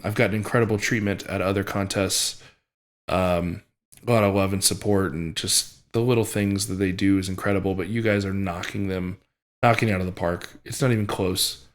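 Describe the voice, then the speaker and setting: A young man with a deep, low voice talks through his competition in a vlog. He speaks haltingly and restarts often, full of fillers. He sounds choked up, close to tears. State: emotional, near tears. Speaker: strongman athlete. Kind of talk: emotional vlog recap.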